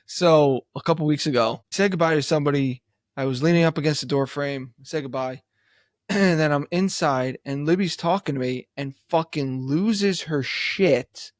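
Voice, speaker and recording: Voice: medium pitch, moderate pace, no room sound, studio quality. A podcast co-host telling stories animatedly, acting out other people's voices and swearing casually. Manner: animated storyteller, acts out quoted voices, laughs and swears. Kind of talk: casual chat.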